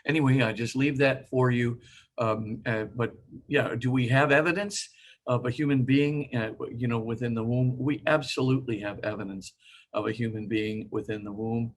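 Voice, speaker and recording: An older man giving an informal lecture, halting with many fillers and sometimes acting out quoted voices. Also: mid-range voice, fairly even intonation, a little hiss or hum.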